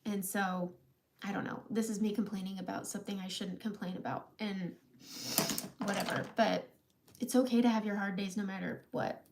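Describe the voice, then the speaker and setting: A woman's voice: mid-range voice, steady tone, normal speed, a little mellow, slight background noise. A woman in her thirties talking candidly on her live makeup vlog, emotional and close to tears, laughing through it. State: close to crying. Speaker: makeup seller and vlogger.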